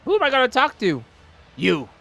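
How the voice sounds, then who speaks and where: A man's voice: extremely high pitch, huge pitch swings, a little fast, vocal fry, sharp tone, soft background music, voice pushed up, heavily acted. A man voicing a baffled, indignant male wrestler in comic game commentary, whining and pleading. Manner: whiny, complaining, pleading.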